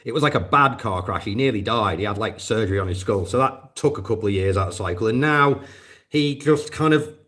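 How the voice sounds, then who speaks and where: A man's voice: on the low side, expressive, fairly quick, fairly bright tone. Man rambling profanely to his chat. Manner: profane, rambling, many fillers. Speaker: volunteer drone operator answering live chat. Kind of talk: casual livestream chat.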